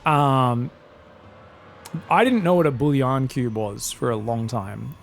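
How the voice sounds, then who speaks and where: Chatty Australian man with a gravelly voice. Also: medium pitch, takes it slowly, slight background noise. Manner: chatty, rambling, joking asides. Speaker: esports caster. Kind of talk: casual live commentary.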